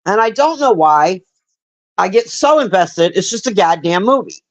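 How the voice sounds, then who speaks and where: A woman's voice: medium pitch, expressive, moderate pace, muffled recording. A woman giving a casual, rambling movie review on a livestream, blunt and profane, chatting with viewers in between. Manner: chats with live viewers.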